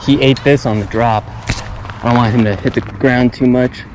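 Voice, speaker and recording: A man's voice: mid-range voice, steady tone, moderate pace, background noise. A young man filming a fishing vlog outdoors at a pond on an action camera, talking in a laid-back, chatty way and often repeating himself. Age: young adult. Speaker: fishing vlogger. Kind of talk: casual vlog commentary.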